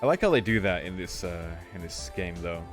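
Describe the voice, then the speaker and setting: Casual let's-play host reading a visual novel. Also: male voice, low voice, big pitch swings, fairly quick. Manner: casual, swears, breaks off to react. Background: faint game music.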